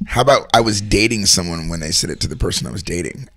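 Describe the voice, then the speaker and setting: Low bright-voiced man bantering. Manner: quick reactive banter, exclamations. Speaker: co-host. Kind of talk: casual chat.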